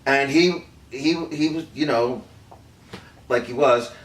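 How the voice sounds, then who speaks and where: An actor playing a famous film director in a staged interview, halting and hesitant with many fillers. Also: male voice, medium pitch, close to an everyday voice. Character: man playing a famed film director recounting secrets. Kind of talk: improvised interview acting. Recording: roomy echo from a distant mic with faint noise.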